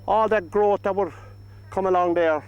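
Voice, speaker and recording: Gentle Irish man coaxing his paint. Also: high-pitched, normal speed, smooth, highs cut off. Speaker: painting instructor. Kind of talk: painting demonstration. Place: outdoors by a lake.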